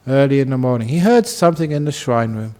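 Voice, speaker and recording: A man who is a Buddhist monk giving a relaxed, humorous dharma talk and telling a story, often laughing. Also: medium pitch, fast.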